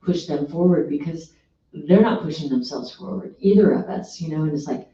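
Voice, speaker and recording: Dark-voiced woman guest in an echoey room. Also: low-pitched, moderate pace. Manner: heartfelt, earnest testimony. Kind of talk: casual faith-based chat. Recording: echoey room, distant dull mic.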